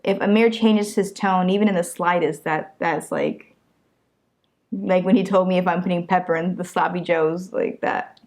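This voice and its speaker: A woman's voice: on the low side, normal speed. Playful young woman co-host. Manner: playful, animated, teasing. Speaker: co-host, wife. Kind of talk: casual couple chat.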